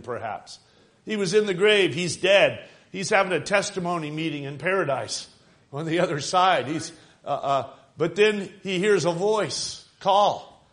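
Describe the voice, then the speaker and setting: A man preaching a sermon, stressing phrases with swings of loudness and calling out questions to the congregation. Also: fairly high pitch. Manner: emphatic, rising and falling for emphasis, calls out to the congregation.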